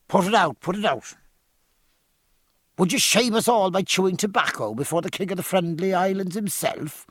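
A man's voice: high voice, moderate pace, breathy edge, no echo, clean studio sound, pitched above the performer's own voice. A man doing a fussy, scolding fatherly gent. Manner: fussing, scolding.

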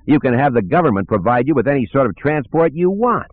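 Man playing a smug gambler guy, sarcastic and sure of himself, husky, phone-line sound. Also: medium pitch, expressive, fast talker, dry recording, voice pushed up, close to an everyday voice. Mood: needling, cocky. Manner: teasing, sarcastic, self-assured. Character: cocky smooth-talking male gambler, middle-aged.

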